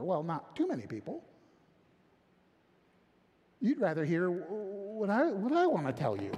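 A man's voice: high-pitched, sing-song, unhurried, pauses often, a little mellow, big-room sound. A man preaching a sermon as a pastor, emphatic and repetitive, often restarting his phrases.

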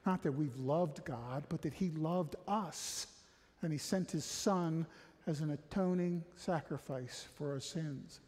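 A man preaches in a long, unhurried sermon, his voice sitting a little high. He drops to hushed, low passages, then climbs into loud, high-pitched exhortation. A long reverb rings around him from the hall.

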